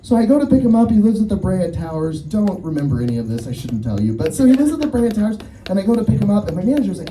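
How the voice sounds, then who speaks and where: A man's voice: high voice, brisk, echoey room, distant mic, slight background noise, rough recording. A man performing a stand-up set at an outdoor show, telling stories and acting out the people in them. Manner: animated storytelling, acts out quoted voices. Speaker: stand-up comedian.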